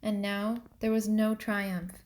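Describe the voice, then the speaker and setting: A woman narrating a storybook chapter for students at a slow, unhurried pace. Her reading is calm and deliberate, in a mid-range voice. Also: mid-range voice.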